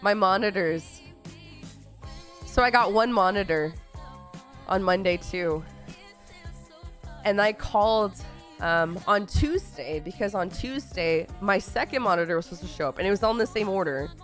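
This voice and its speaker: A woman's voice: medium pitch, a little slow, pauses often, faint music behind. A young woman from Texas who is sick with a cold, chatting casually on her livestream and telling a rambling story with exasperated asides. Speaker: streamer.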